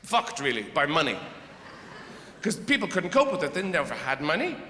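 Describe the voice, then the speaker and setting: Rambling Irish comedian in a reverberant hall. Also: male voice, on the high side, wildly swooping pitch, normal speed, slight background noise. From Ireland. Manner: rambling, wry, swings between mumbled asides and loud outbursts. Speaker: stand-up comedian. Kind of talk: stand-up comedy routine. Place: theatre stage before a live audience. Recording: roomy hall with long reverb.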